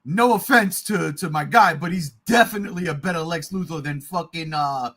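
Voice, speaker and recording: A man co-hosting a podcast, chatting casually and excitedly about movies, swearing often and getting loud. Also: fairly high pitch, moderate pace. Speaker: podcast co-host.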